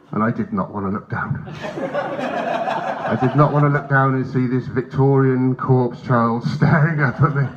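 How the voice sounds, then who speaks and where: Male stand-up, animated and profane storyteller, bright lively delivery, dull live sound. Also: medium pitch, a little slow. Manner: animated, profane, acts out characters. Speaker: stand-up comedian. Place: hotel function room stage. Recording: dull live recording, faint ambience.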